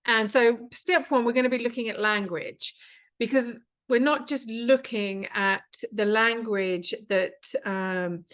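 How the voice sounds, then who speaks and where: A British woman teaching an online writing class, talking in a chatty way with frequent ums and lively asides. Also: on the high side, a little slow, muffled recording. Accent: British English. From Britain. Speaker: writing course instructor. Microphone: video call.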